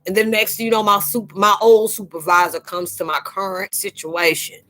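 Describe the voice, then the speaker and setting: Woman spiritual host, casual live chat, animated and slangy, mid-pitched, laughs easily. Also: moderate pace. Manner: chatty and animated, laughing and acting out quoted exchanges; slangy, informal phrasing.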